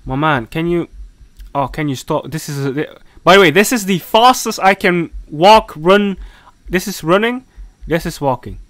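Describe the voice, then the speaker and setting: A high, bright-voiced man narrating a horror game as he plays, his pitch leaping all over the place. He mutters to himself, scolds the characters in mock outrage, and yelps when startled. The sound is dry and close to the microphone. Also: expressive, moderate pace, no room sound. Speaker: gaming commentator. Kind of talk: let's play commentary.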